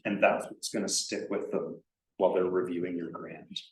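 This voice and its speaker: A man giving a conference writing workshop in a casual, animated way, acting out example sentences. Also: low voice, normal speed. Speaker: workshop presenter. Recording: echoey room, distant from mic.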